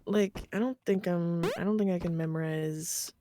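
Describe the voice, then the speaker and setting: A woman's voice: lowish voice, moderate pace, over music. A woman chatting as a guest on a game stream, giggly and trailing off into restarts. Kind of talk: casual chat on a game stream.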